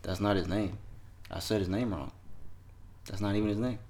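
A man's voice: lowish voice, steady tone, moderate pace, darkish tone. A man hosting a podcast, chatting loosely with lots of profanity and laughter. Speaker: podcast host. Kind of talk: casual chat.

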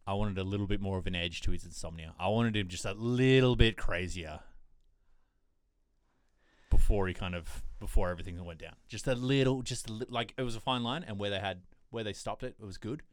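A man's voice: on the low side, a little fast, no echo. Rambling man on a dry podcast mic. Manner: rambling, hesitant, many restarts and fillers. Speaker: podcast co-host. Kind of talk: casual chat.

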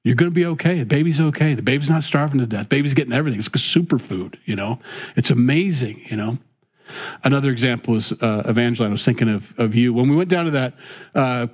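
A middle-aged man talking casually and earnestly, rambling with many restarts and drifting into preaching about faith. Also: medium pitch. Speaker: father and faith-based talk host.

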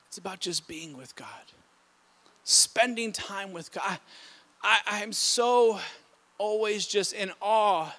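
High, bright-voiced impassioned male preacher. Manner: impassioned preaching with sudden loud emphatic bursts; repeats and restarts words mid-sentence. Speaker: pastor. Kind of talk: sermon.

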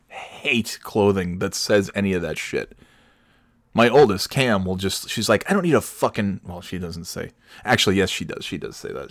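In a dry recording with no room sound, a middle-aged podcast host with a lowish voice rants alone. His solo comedic tirade is sarcastic and profane.

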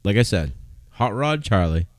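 A man's voice: on the low side, big pitch swings, moderate pace, no room sound. A man co-hosting a casual podcast chat, rambling loosely and swearing now and then. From Maine. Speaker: podcast co-host.

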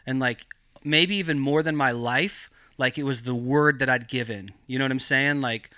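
A cannabis grower guesting on a podcast tells a story casually, swearing heavily and rambling with lots of filler. His medium-pitched voice is sharp and clean at normal speed, in studio quality with no echo.

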